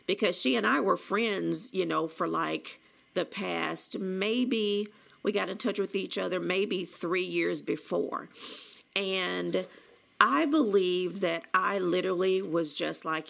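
Gravelly-voiced woman telling her story. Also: lowish voice, normal speed, a bit bright. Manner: candid, rambling with many restarts and quoted dialogue. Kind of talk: personal storytelling.

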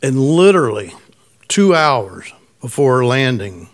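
A middle-aged man with a slightly raspy voice, preaching a conversational sermon and telling a personal story. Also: mid-range voice, very animated, slow. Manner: conversational, storytelling, asks congregation questions. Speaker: pastor.

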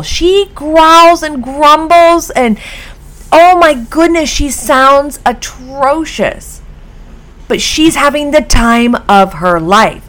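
A woman hosting her own podcast on dog behavior from home, talking in a chatty, storytelling way. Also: high-pitched. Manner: chatty, animated storytelling with laughs. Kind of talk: casual solo podcast.

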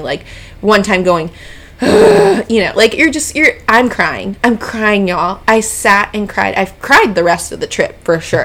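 A woman, telling a travel story in a casual podcast chat and often calling her listeners y'all. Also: lowish voice. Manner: chatty, animated, addresses listeners as y'all. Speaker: podcast co-host.

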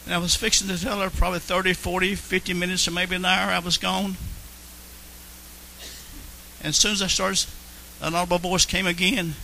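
A man's voice: high voice, level tone, brisk, creaky, bright, forceful tone, slight background noise, low-quality recording. A man telling his personal faith testimony in an earnest way, repeating phrases for emphasis. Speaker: Christian testimony speaker.

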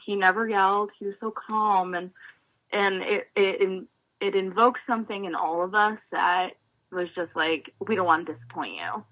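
A woman in her twenties, a former college swimmer, telling animated stories in a casual interview and acting out remembered dialogue. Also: mid-range voice, normal speed, phone-quality sound.

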